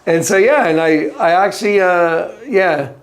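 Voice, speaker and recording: A man's voice: high-pitched, moderate pace. A man telling a story as an interview guest, wandering between asides and acting out other people's lines in a raised voice. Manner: rambling, with frequent restarts and asides. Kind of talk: casual storytelling.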